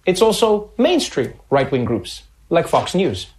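A man's voice: fairly high pitch, big pitch swings, a little slow. A man hosting a comedy show, delivering a sarcastic satirical news monologue.

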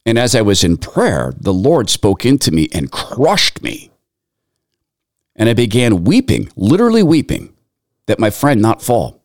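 A man delivers sermon-like commentary, earnest and steady as he strings scripture into long lists. His voice sits low yet swings with lively intonation. The sound is dry and close. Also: measured pace, no room sound. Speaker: Christian commentator.

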